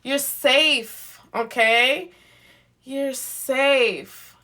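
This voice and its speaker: A woman with a fairly high, bright voice hosts a live zodiac card reading. She talks slowly and with affection, repeating her encouragement and laughing often as she reads. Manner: affectionate, repetitive coaxing with frequent laughs. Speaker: tarot card reader.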